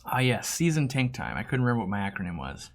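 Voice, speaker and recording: Animated man chatting on a live stream. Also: medium pitch, quick pace. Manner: animated, acts out customer dialogues in quoted voices. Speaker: host of a fish-keeping Q&A live stream. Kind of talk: casual live-stream Q&A chat.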